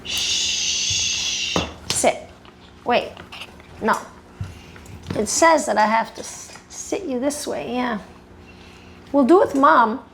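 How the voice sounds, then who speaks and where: Gravelly, higher-voiced woman groomer. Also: slow pace, long pauses, a bit bright, slight background noise. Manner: coaxing and firm with a dog, chatty asides to viewers. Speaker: dog groomer. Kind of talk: grooming tutorial talk. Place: grooming table indoors.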